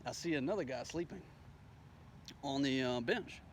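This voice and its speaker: Animated man telling a story. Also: mid-range voice, moderate pace, slight background noise. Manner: rambling, profane, animated quoting of dialogue. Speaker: storyteller recounting his day. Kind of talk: casual spoken story.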